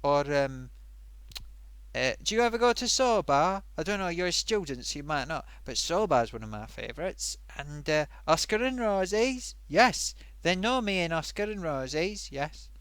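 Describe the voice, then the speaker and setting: Male live-stream host, higher voice, very lively pitch, rambling and self-amused, dry close sound. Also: moderate pace, smooth, no echo. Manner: rambling, chatty, self-amused, many fillers. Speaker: live-stream host reading viewer comments. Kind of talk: casual live-stream chat.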